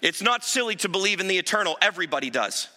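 A man preaching a sermon as pastor, conversational, dropping low and quiet to land his points. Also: very animated, fast. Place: church sanctuary. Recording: reverberant hall.

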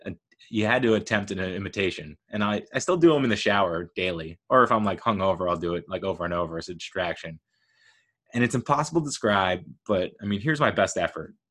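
Chatty, low-voiced man riffing on movies. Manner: rambling, jokey, animated, self-interrupting. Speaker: podcast host. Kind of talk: solo casual movie commentary.

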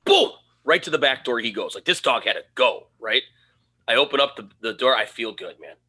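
A man's voice: mid-range voice, fairly quick, slightly rough. A man co-hosting a podcast, telling a casual story and acting out the quoted lines with animation. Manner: animated, acts out his own quoted lines. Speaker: podcast co-host.

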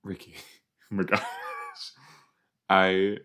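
A man casually commenting while he watches a show, chatty and quick to exclaim or laugh. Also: sits low, completely flat delivery, a bit bright, smooth. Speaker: reaction video host.

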